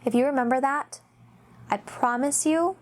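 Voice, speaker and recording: Chatty, higher-voiced woman vlogger. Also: moderate pace. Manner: chatty, rambling storytelling with many fillers; animated, acts out quoted voices. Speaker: mom vlogger, host. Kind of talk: casual faith-based talk.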